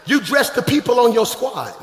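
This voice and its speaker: A man preaching a sermon as pastor, shouting and half-singing his lines, calling out to the congregation from the stage. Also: very high voice, sing-song, fairly quick, slight background noise. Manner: shouting, sing-song preaching with crowd call-outs. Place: large church hall. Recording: echoey live church hall.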